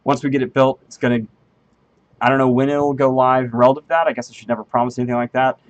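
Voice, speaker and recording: Guy coding live on stream, thinking out loud, lots of ums, friendly and a bit self-deprecating, talks into a desk mic. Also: mid-range voice, fairly even intonation, fast, highs cut off. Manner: thinks aloud, rambling with many ums and half-finished sentences; friendly and self-deprecating, answers chat readers. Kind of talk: casual live-stream chat while programming.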